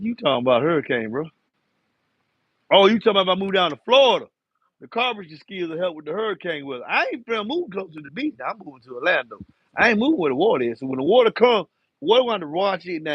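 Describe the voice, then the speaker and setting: A man hosts a live car audio Q&A in a relaxed, talkative way, teasing viewers as he reads their comments. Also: fairly high pitch, slightly rough, no echo, lo-fi sound. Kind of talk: casual live-stream Q&A.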